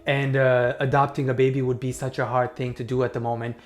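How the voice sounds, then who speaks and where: A man's voice: medium pitch, level tone, fairly quick, roomy sound, in a large hall, pitched below the performer's own voice, natural voice. A man mocking a smug family vlogger dad who rambles off topic in mock-earnest tones.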